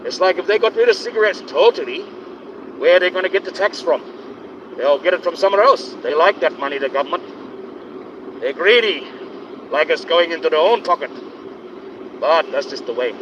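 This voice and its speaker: A man live-streaming while driving on a highway, giving rambling, opinionated commentary in a put-on accent. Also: normal speed, long pauses. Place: inside a moving car on a highway. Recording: dull lo-fi sound with road noise. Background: engine and road noise.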